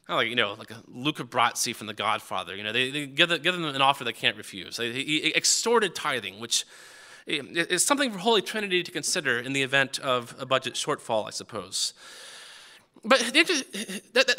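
A man's voice: mid-range voice, pushed and bright. A man preaching a sermon on a Bible passage in a conversational way, often stumbling over his words and restarting. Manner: conversational, frequent stammered restarts.

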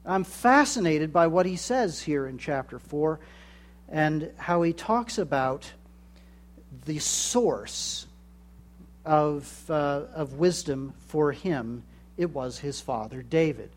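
A man delivers a sermon at an unhurried pace. His voice sits a little high, and he acts out the voices he quotes as he preaches. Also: lively intonation. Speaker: pastor.

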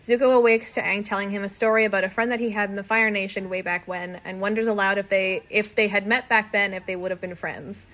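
A woman co-hosting a podcast, casually recapping episodes and acting out characters in quick asides, swearing now and then. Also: mid-range voice, steady tone, fairly bright tone. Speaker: podcast co-host.

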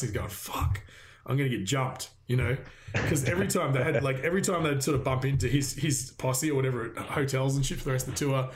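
A man in casual conversation, telling an anecdote with lots of swearing and quick quoted voices. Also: medium pitch, a little hiss or hum. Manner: swears a lot, animated storytelling with quoted voices. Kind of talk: casual chat.

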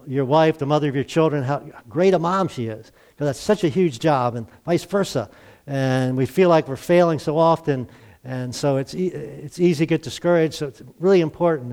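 Middle-aged man, pastor, slightly higher voice, easygoing sermon delivery with questions to the room. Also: a little fast, darkish tone. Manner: conversational, with fillers and questions to the congregation.

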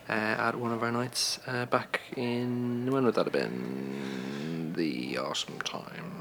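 Man, podcast co-host, low and gravelly, halting and full of "uh"s, faint hiss behind. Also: fairly bright tone, some chatter behind. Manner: hesitant, lots of "uh" fillers, self-deprecating. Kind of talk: casual podcast chat.

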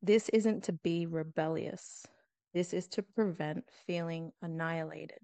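A woman therapist on a podcast, explaining in a measured, thoughtful way. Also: fairly low pitch, warm tone, no room sound. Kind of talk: calm explanatory podcast talk.

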